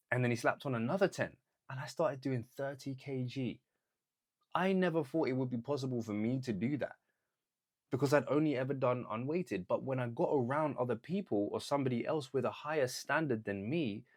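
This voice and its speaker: Young male vlogger, earnest and chatty, mid-range voice, acts out little quotes as he goes. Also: mid-range voice. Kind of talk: motivational talk to camera.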